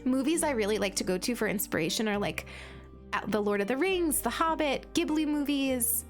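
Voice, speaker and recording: A woman's voice: on the high side, animated, brisk, soft background music. A woman streamer chatting casually and gushing while she plays, with lots of "like" fillers. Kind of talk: casual live-stream chat while playing.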